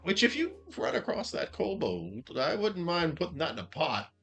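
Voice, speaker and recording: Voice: mid-range voice, huge pitch swings, moderate pace, gravelly, a bit bright, faint music behind, heavily acted. Game master doing a sugary old hag aunt. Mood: gleefully morbid. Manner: genteel and chatty, with gruesome asides. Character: sweet-talking old hag aunt, shopkeeper, cheerfully creepy.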